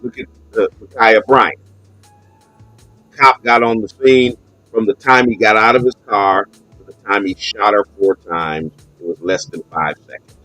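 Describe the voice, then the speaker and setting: An impassioned bishop hosting a live call-in show, his voice bright and forceful. He talks slowly and leans on repeated words for stress. The sound is dry and close, with faint music underneath. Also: on the low side, no echo, low-quality recording. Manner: emphatic, repeats words for stress, rising to a shout.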